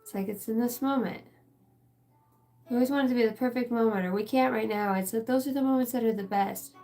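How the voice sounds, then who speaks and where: Woman channeler, slightly high, gravelly voice, loose emotional rambling with swearing, faint music behind. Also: fast, dark tone. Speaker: spiritual channeler. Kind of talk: casual channeled reading.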